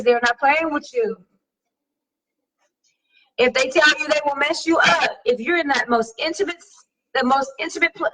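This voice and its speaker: A woman's voice: high voice, fairly bright tone, distant mic, low-quality recording. A woman hosting a casual live-stream talk show, reading viewer comments and talking in an emphatic, slangy, sassy way. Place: home live stream over wireless connection.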